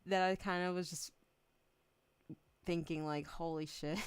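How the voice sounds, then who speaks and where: A woman's voice: lowish voice, steady tone, slow, smooth. A woman streamer chatting casually on a livestream, emotional and close to tears, laughing often and swearing freely. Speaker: VTuber streamer.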